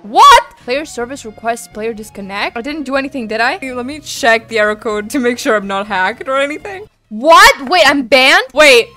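A woman's voice: a little high, expressive, a little fast, hardly any pauses, bright, forceful tone, soft background music. A woman giving casual gameplay commentary, self-deprecating and giggly, often breaking into squeals and laughter. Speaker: gaming YouTuber.

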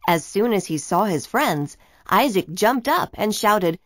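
A woman reads a children's storybook aloud with an animated, lively pitch. She narrates expressively, and the sound is close and dry. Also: measured pace, no echo. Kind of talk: children's book read-aloud.

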